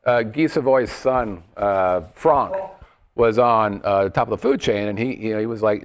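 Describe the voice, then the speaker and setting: A man's voice: mid-range voice, big pitch swings, moderate pace. A man hosting a show, telling a story in a casual, jokey way. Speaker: show host. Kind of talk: casual chat.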